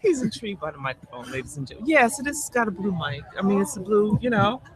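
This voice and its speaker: A woman's voice: medium pitch, very animated, fast. Lady host kidding around with her guest, voice jumping up and down, conference booth, talking into a mic. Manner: playful, teasing banter. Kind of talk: casual interview at an event. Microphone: studio microphone at a table.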